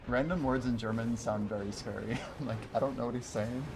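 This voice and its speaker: A man's voice: mid-range voice, steady tone, fairly quick. A man talks loosely while streaming a game, reading out viewer messages and laughing easily. His voice sits in a middle register. A faint hiss runs under the recording. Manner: chatty, reads and answers viewer chat, laughs often. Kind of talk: casual livestream chat while playing. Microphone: wears headphones while streaming.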